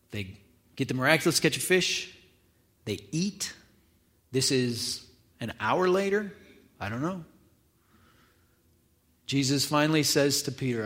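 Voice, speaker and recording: A man's voice: on the high side, a bit bright. A man preaching a sermon, retelling a scripture reading in a casual, conversational way with acted asides. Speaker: pastor.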